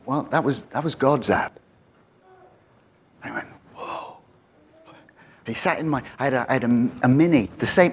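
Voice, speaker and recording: A man preaching a sermon, telling a story with lively quoted voices and frequent laughter. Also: mid-range voice, a little hiss or hum. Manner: animated, jumps into voices for quoted people, laughs often.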